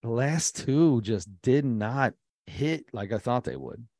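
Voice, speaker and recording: A man co-hosting a podcast, talking in an excitable, rambling way with plenty of fillers. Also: mid-range voice, slow pace, creaky, dry recording, clean studio sound. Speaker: podcast co-host. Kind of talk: casual chat.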